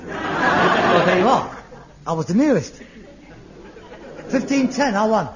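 A middle-aged man, acting in an old TV sitcom, theatrical and excitable, muttering one moment and ranting the next. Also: sits high, slow, some chatter behind, exaggerated voice. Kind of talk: 1960s-70s TV sitcom acting. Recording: lo-fi archive TV sound with faint hiss.

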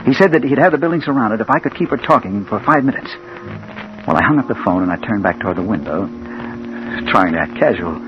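An actor playing a hard-boiled reporter narrating. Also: male voice, on the low side, lively intonation, fast talker, muffled recording, over music, lightly acted. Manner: dramatic, emotional, swings from hushed to urgent. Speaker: narrator and lead. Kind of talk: 1940s radio acting. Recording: old radio broadcast with hiss.

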